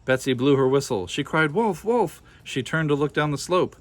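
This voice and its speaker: A man's voice: medium pitch, fairly even intonation, brisk, fairly bright tone. Man reading a storybook aloud, expressively. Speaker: storybook reader. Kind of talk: reading a picture book aloud.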